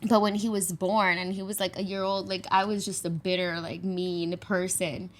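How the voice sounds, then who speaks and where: A woman's voice: on the low side, flat delivery, normal speed. A young adult woman on a casual podcast, talking candidly and from the heart, with many "like" fillers.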